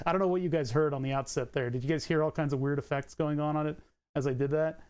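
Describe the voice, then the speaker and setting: Streaming from a home room lined with acoustic padding, a young man talks casually as he tinkers, rambling, correcting himself, and laughing at his asides. His voice is fairly high, smooth, and slightly mellow, with fairly even intonation and a quick pace, captured through a condenser mic and compressor.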